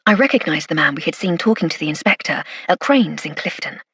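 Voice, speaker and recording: Husky-voiced woman narrating an audiobook. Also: deep voice, expressive, a little fast, a bit bright, no echo, studio quality. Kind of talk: first-person scripted narration.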